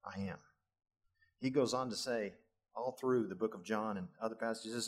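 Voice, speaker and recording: A man's voice: mid-range voice, expressive, a little fast. A middle-aged male pastor preaching a sermon, lifting his voice for emphasis and adding chuckling asides.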